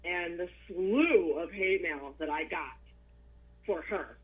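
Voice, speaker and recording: A woman talks in a husky voice as a guest in a casual interview, blunt and unafraid to swear. She comes through a video call. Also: on the low side, takes it slowly, phone-quality sound. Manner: blunt and profane. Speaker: wrestling guest.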